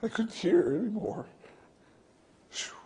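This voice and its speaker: A man's voice: sits high, big pitch swings, measured pace, warm tone. A male pastor preaching a sermon in a church, earnest and conversational, often breaking in with "listen.". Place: church sanctuary.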